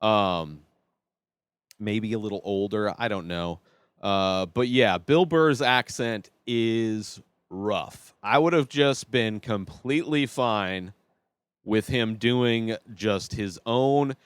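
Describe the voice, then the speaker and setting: A man's voice: fairly low pitch, slow, smooth, no echo. A man hosting a podcast, chatting casually and giving his opinions as he reviews a TV series. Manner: chatty and opinionated, thinking aloud.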